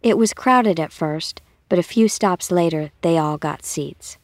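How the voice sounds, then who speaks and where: A woman reading a children's story aloud in a calm, measured way. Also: lowish voice, dry recording. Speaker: narrator.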